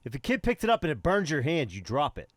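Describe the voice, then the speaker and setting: A man on a casual podcast, talking fast in a lively voice and picking things apart with skeptical questions. The sound is dry and close. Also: a little high, no room sound. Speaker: podcast co-host.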